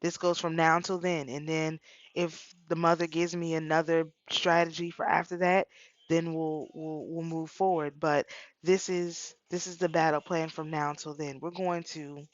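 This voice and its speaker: A woman's voice: deep voice, flat delivery, normal speed, no room sound, dull audio. A middle-aged woman talking casually about spiritual practice, telling a personal story with repeated phrases. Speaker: spiritual channel host.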